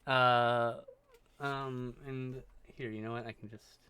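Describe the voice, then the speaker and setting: A man's voice: mid-range voice, level tone, slow, sharp tone, smooth. A man streaming live, talking to his chat in a rambling, scattered way with a lot of swearing, and he is stoned. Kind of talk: casual chat with chat.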